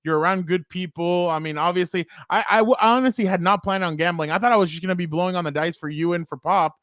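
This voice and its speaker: A man hosting a sports podcast, telling stories in an animated, laughing way. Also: high-pitched, quick pace, no echo, clean studio sound. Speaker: podcast host. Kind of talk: casual sports chat and storytelling.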